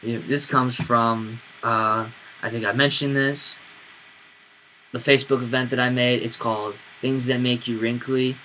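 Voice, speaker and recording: A man's voice: mid-range voice, level tone, normal speed, sharp tone, a little hiss or hum. A young man in his twenties casually telling a rambling story for his video channel, full of fillers and restarts. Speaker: vlogger.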